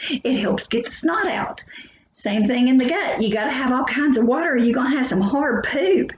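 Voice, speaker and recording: A woman whose voice is a little high and darkish teaches a biology lesson in a recorded lecture, chatting and joking as she speaks directly to students. An echoey room and faint hum color the audio.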